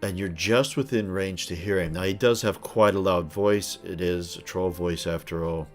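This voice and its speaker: A man acting as game master who describes the scene in an unhurried way, with some hesitations. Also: deep voice, steady tone, soft background music. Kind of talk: narrating a tabletop game.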